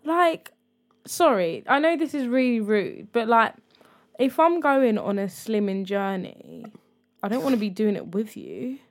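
A woman's voice: fairly high pitch, animated, a little slow. A young woman co-hosting a casual podcast, frank and joking, swearing casually. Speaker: podcast co-host. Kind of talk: casual chat.

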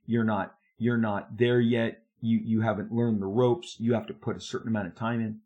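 A man putting on the voice of a bullying, middle-aged male editor who berates and shouts, repeating himself as he scolds. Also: fairly low pitch, flat delivery, normal speed, muffled recording, lightly acted. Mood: scolding.

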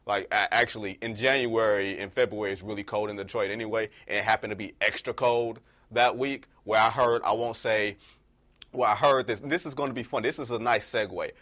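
A man co-hosting a sports talk show, telling stories in a casual, animated way and pushing his voice up for emphasis. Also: fairly low pitch, fairly quick. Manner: animated storyteller, rising to emphatic peaks.

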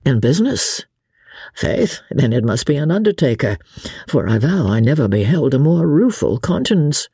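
A woman's voice: extremely low pitch, big pitch swings, normal speed, warm tone, breathy edge, no echo, studio quality, heavily acted. A woman voicing a jovial young English nobleman who talks in a hearty, exuberant way.

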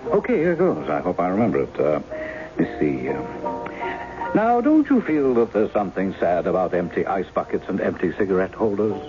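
A man's voice: deep voice, sing-song, a little fast. An actor playing a charming male impostor in a 1970s radio drama, wry and teasing, often laughing. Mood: playful. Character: charming male impostor, a blocked novelist posing as a husband. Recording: dull old radio broadcast with music.

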